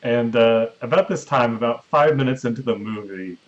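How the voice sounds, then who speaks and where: A man's voice: medium pitch, normal speed, dull audio. Man casually recapping a movie plot. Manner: recaps the plot at length, with chuckles. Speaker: podcast host recapping a film. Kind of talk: casual chat.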